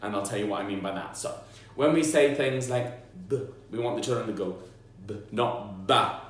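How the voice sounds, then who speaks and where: A man who teaches primary school walks parents through phonics in a lighthearted, joking style, pronouncing letters and noises aloud. He speaks briskly in a lowish, slightly mellow voice, recorded in a very echoey room.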